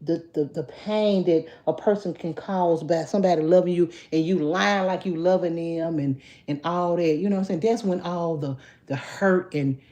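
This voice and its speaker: A woman hosting a casual livestream, chatting straight to her viewers, jumping to high excited calls. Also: moderate pace, few pauses. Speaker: livestream host.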